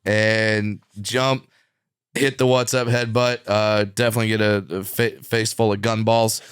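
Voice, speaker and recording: Man, low voice, lively casual chat, laughing, restarting sentences, dry close studio mic. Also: a little slow, clear, resonant tone, dry recording. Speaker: comedian guest. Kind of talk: casual chat, animated storytelling. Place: podcast studio.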